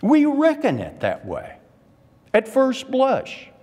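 An older man teaching an adult Bible class, deliberate and emphatic, leaning hard on key words. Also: very high-pitched, wildly swooping pitch, a little mellow. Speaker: Sunday school teacher. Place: church classroom. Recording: long reverb of a church hall.

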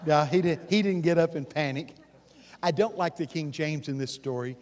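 A man preaching at a conference, folksy and animated, swinging from hushed asides to loud exclamations and asking the audience questions. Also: fairly high pitch, moderate pace. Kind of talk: conference sermon. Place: live conference session before an audience.

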